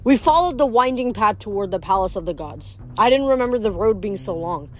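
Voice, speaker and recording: A woman reading a novel aloud in steady narration, now and then stumbling over a word. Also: medium pitch, a little fast. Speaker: reader.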